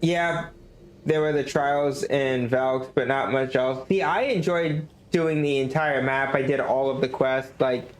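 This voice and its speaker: A man's voice: medium pitch, steady tone, a little slow. A man streaming a game, talking casually in a rambling way. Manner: rambling, many restarts and likes. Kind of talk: casual gameplay commentary. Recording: echoey room.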